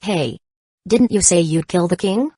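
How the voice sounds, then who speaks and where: A woman's voice: lowish voice, unhurried, dark tone, husky, dry recording, studio quality. A woman reading a sneering cold traitor. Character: cold, treacherous male soldier.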